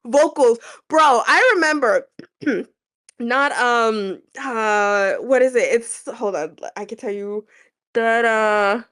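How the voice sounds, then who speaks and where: A woman's voice: on the high side, slow pace. Stuffy-sounding woman gushing over music. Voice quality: nasal, stuffy. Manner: animated, gushing, swearing freely. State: stuffy and a little sick. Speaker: music reaction co-host. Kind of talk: casual reaction chat.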